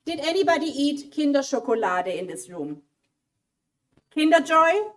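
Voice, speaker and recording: A woman running an interactive quiz for a college audience in a hall, lively and coaxing as she asks for votes. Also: high voice, unhurried. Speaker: German language speaker at a college event. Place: auditorium mini hall. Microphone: handheld mic.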